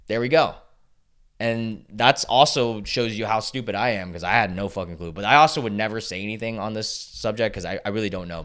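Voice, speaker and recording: A man's voice: on the low side, fairly bright tone. A young man hosting a casual reaction video, reading posts aloud and reacting bluntly with frequent swearing.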